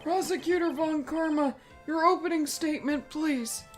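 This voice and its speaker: A woman's voice: high voice, moderate pace, faint music behind, voice pushed up, natural voice. A woman reading a fussy old male judge. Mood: formal. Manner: formal, hesitant and fussy.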